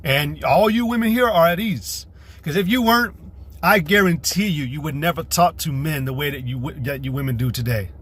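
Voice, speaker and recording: A man's voice: on the high side, a little fast, a bit bright, slightly rough. A man preaching a profane, combative livestream sermon, repeating himself and mocking women in put-on voices. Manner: mocks women in a mimicking voice. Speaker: street preacher.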